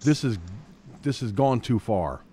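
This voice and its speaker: A man's voice: medium pitch, expressive, measured pace, very noisy. Male news commentator, reads straight then goes off on angry profane rants.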